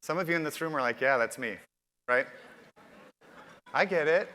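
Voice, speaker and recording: A man's voice: fairly high pitch, expressive, moderate pace, bright, forceful tone. Upbeat man giving a keynote in a hall. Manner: upbeat, addresses the audience directly with questions. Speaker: conference keynote host. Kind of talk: conference keynote speech. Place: large conference hall. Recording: reverberant hall with long echo.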